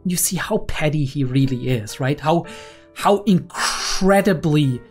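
A woman's voice: deep voice, expressive, unhurried, a little mellow, breathy edge, faint music behind. A young woman and psychology student giving analytical anime reaction commentary, often checking in with "right?". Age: young adult.

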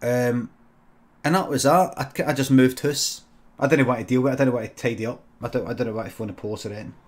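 A man with a Scottish accent improvising a comic story on a stream, deadpan and sweary, breaking into sudden shouts. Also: medium pitch, fast talker.

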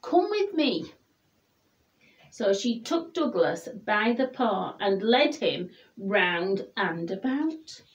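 A woman reading a children's picture book aloud in a gentle, expressive storybook voice. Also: mid-range voice, takes it slowly, hardly any pauses, highs cut off.

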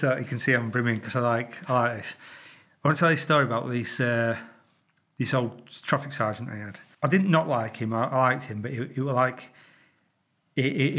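Yorkshire man, middle-aged, retired traffic cop, lively swearing storyteller, mid-pitched voice. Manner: animated, swears freely, makes sound effects, stumbles and repeats. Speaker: retired traffic police officer. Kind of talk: casual storytelling to camera.

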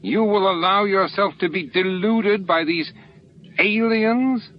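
A man putting on a shrill outraged alien official. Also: slow pace. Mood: appalled. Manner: yelling, outraged. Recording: lo-fi with faint hiss.

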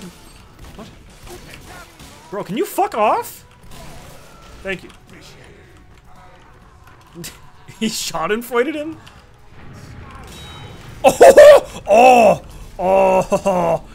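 A young man giving excitable, swearing, self-mocking commentary while he plays a game. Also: high-pitched. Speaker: gamer. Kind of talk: casual gameplay commentary.

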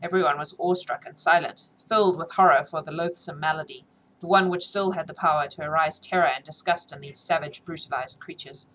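A woman's voice: low-pitched, steady tone, brisk, a bit bright, a little hiss or hum, rough recording. A woman reading a novel aloud on a live stream, then chatting with viewers, laughing often and joking about herself.

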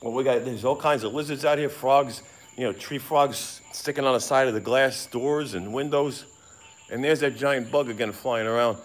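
A middle-aged man live-streaming outdoors at night by a pond on a phone, rambling, excitable and swearing freely while sweating in the heat. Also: mid-range voice, normal speed. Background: frogs and insects chirping.

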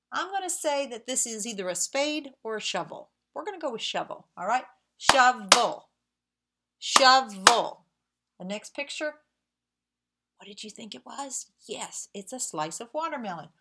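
A middle-aged woman teaching young children remotely, slow and sing-song, drawing out words as she claps syllables. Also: a little high, background noise.

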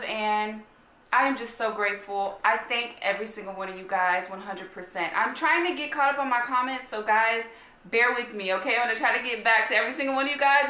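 Excitable high-voiced American woman vlogger. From United States. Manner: excitable, gushing, slangy. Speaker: reaction video host. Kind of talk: casual reaction vlog chat. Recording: echoey room. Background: faint music playing.

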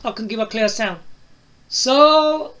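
A man's voice: very high voice, slow pace, pushed and bright. A man reviewing a phone to camera, asking the viewer questions and tagging his lines with "right?" and "yeah?". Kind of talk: product demo to camera.

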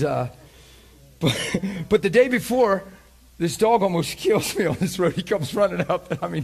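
A middle-aged man preaching, telling a story with lots of laughter and animated energy. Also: high-pitched, vocal fry, husky. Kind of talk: sermon storytelling.

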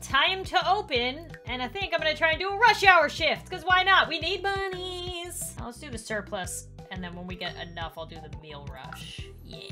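A young adult woman doing Let's Play commentary, excitable and jokey, scolding and cheering the characters in her game. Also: high voice, moderate pace, hardly any pauses. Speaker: gaming YouTuber. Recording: game music behind.

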